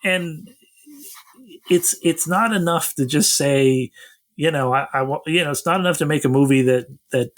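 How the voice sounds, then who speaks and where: A man's voice: fairly high pitch, moderate pace. A man co-hosting a casual podcast, retelling a film scene by scene and acting out the characters' lines. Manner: animated storyteller, acts out quotes. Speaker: podcast co-host. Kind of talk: casual chat recapping a film.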